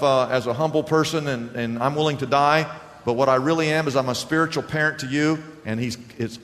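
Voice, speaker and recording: A man's voice: medium pitch, a bit bright. A middle-aged male pastor preaching a sermon to his congregation, telling stories with humor and repeating lines for emphasis. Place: church sanctuary before a congregation. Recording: hall reverb with faint room noise.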